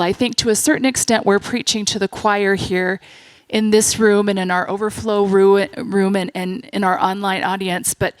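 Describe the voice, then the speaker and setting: A woman in a mid-range voice moderates a panel, speaking in a thoughtful, conversational way. Her voice is close and dry, with no room echo. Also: mid-range voice.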